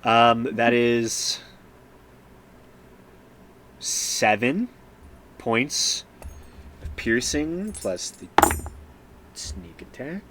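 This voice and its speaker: Unhurried male game master. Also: mid-range voice, noisy background. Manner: relaxed, with frequent fillers and small laughs. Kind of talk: narrating a tabletop game. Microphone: streaming microphone.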